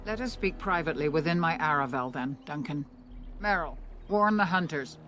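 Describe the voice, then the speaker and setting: Calm elder clan leader, formal game dialogue. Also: female voice, sits low, normal speed, a little hiss or hum. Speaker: game character.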